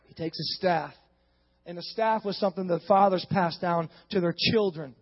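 A man preaching a sermon in a church, retelling a story casually and building into animated exhortation. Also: high voice, normal speed. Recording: dull sound with long hall reverb.

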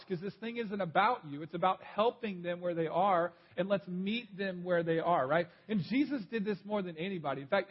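A man preaching in a husky voice, set a little high for a man, with a dull lo-fi sound. He talks like he is chatting while telling stories, and he repeats his main points. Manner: conversational storytelling preacher, repeats key points. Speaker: pastor. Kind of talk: sermon.

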